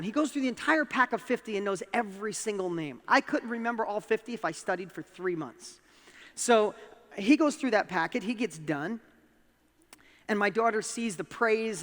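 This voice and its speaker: A man with a New York accent giving a motivational talk, telling a personal story with animated, emphatic rises in his voice. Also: sits high, moderate pace, in a large hall. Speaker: speaker.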